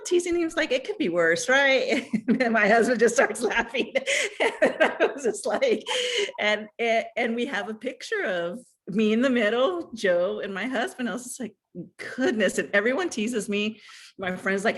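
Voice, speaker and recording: A woman telling a personal story in casual chat, animated, acting out what others said, with many fillers. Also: mid-range voice. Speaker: guest.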